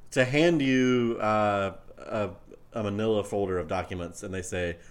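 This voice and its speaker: A man's voice: lowish voice, normal speed. A man co-hosting a casual podcast, meandering and thinking aloud as he talks. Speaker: podcast co-host. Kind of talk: casual chat.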